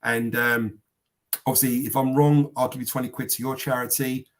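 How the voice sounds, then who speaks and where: A man's voice: medium pitch, little pitch movement, moderate pace. A man hosting a live podcast, chatting casually, rambling and swearing as he reads out viewer comments. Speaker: podcast host. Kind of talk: casual live-stream chat.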